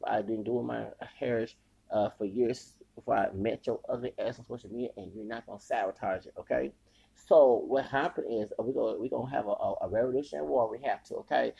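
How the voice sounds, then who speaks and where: Man, podcast host, heated rambling rant, raspy, gravelly. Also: mid-range voice, fast, mellow, highs cut off. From United States. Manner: heated, rambling, stumbles and repeats words. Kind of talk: ranting commentary.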